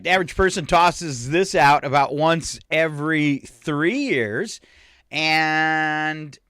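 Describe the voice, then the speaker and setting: A man trades teasing banter on a morning radio show and laughs often. His voice is bright and bouncy, yet he talks slowly. The studio sound is close and dry. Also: on the high side, clean tone, no room sound. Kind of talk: playful on-air banter.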